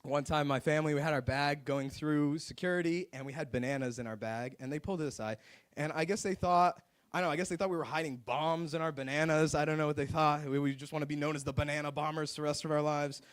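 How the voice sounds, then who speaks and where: A man's voice: fairly high pitch, steady tone, fast, clean tone. A young man doing open mic stand-up comedy on a club stage, rambling and self-mocking, with lots of "like.". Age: young adult. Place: live music club stage.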